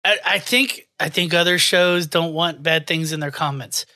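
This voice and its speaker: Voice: medium pitch, normal speed, sharp tone, no echo, clean studio sound. A co-host of a casual podcast, teasing a partner and steering the talk with edgy jokes. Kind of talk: casual crude comedy chat.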